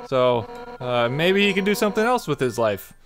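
A man's voice: medium pitch, very animated, moderate pace, natural voice. Undyne, a man doing a brash fish-woman warrior. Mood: rambling. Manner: loud, boisterous, eager. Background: game music.

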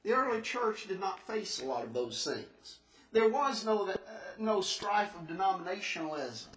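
A man preaching a sermon in a church, earnest and emphatic, slowing down to stress scripture and rising into questions. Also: sits high, lively intonation, fairly bright tone, recorded from a distance. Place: church sanctuary. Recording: echoey church recorded from afar.

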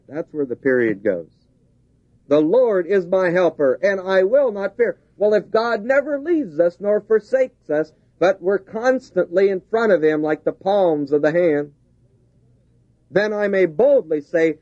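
A man's voice: high-pitched, lively intonation, unhurried, darkish tone, no echo. A man preaching a sermon, driving his points home with repeated, rising emphasis. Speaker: pastor. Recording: dull lo-fi 1970s tape.

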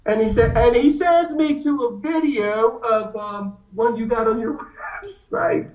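Animated man on an echoey distant mic. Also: extremely high pitch, unhurried. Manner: animated storyteller, acts out quotes. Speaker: guest. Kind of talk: casual conversation. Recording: echoey, distant, dull lo-fi sound.

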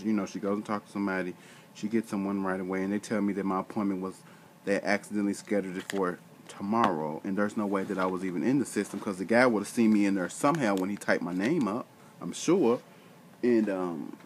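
A man's voice: fairly low pitch, a little hiss or hum. A man telling a story in a casual vlog rant, exasperated and slangy, acting out bits of dialogue. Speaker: vlogger.

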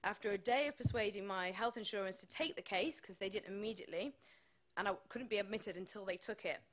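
A British woman speaks to a summit audience about a harrowing ordeal, her voice sitting at an ordinary middle pitch. She talks candidly with a wry edge, slipping in small laughs between the grim details. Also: quick pace. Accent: British English. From Britain. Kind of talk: personal testimony speech.

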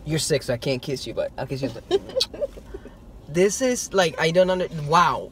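Excitable man telling a story. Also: fairly high pitch, normal speed, a little hiss or hum. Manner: excitable, animated, stammering. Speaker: toy-hunting vlogger. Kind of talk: casual vlog storytelling.

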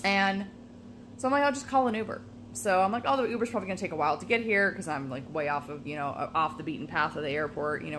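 A woman's voice: lowish voice, fairly bright tone, a little hiss or hum. A woman telling a story in a casual vlog, venting and swearing often. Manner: swears a lot, vents frustration. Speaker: vlogger.

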